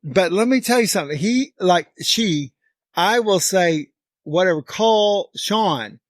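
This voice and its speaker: Emphatic Oklahoma man, slightly high, dry. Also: animated, a little slow, dry recording. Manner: rambling, emphatic, stretches words for effect. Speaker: podcast co-host. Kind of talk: casual chat.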